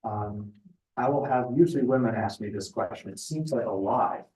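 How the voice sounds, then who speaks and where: A middle-aged man speaking at a spiritual retreat in a conversational, thoughtful way, often pausing with fillers. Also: fairly low pitch, darkish tone. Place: retreat house meeting room. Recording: echoey room, voice picked up from a distance.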